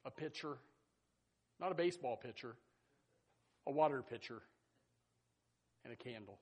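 A man preaching a sermon in a folksy, animated way, with sudden loud bursts and asides to the congregation. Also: mid-range voice, moderate pace, husky. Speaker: pastor.

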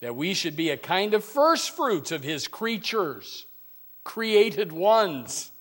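Folksy preacher with a higher male voice. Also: sing-song, takes it slowly. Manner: swings between quiet asides and loud emphatic preaching; folksy, joking, many fillers and restarts. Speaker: pastor. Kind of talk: sermon. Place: church, preaching to a congregation.

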